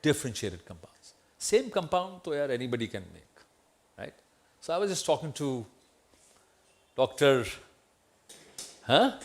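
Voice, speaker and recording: A man's voice: fairly high pitch, very animated, measured pace, pauses often. Man, Indian English accent, middle-aged, lecture to students, auditorium, chatty and questioning. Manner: conversational, asks the audience questions, tag "right?". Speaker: guest lecturer.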